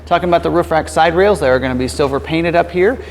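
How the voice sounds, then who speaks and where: A man's voice: on the high side, fast talker, big-room sound, slight background noise. A man working as a car salesperson gives a casual walkaround of a vehicle at a dealership, explaining its features with frequent fillers and self-corrections.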